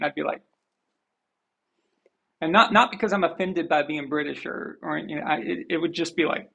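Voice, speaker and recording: A man's voice: fairly high pitch, a little fast, gravelly, fairly bright tone, dull audio. An American man hosting a live show, talking bluntly in a rambling, casual rant that repeats and restarts. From United States. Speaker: host of a sports live show.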